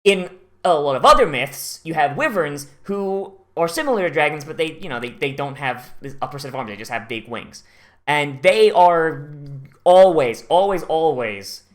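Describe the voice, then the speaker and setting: A host giving casual, rambling commentary after an anime watch-along, animated and full of swearing. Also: mid-range voice.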